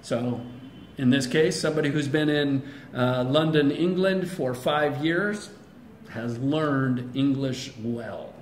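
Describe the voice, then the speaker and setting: A man's voice: mid-range voice, slow, roomy sound, a little hiss or hum. A man with an American accent, an English teacher chatting casually and playfully in an interview. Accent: General American. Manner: lively, playful, imitates other accents. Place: language school in Bangladesh.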